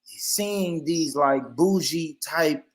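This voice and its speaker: American man, panel guest, halting and laughing, mid-pitched. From United States. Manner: hesitant, laughing, drawn-out fillers. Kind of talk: casual panel chat.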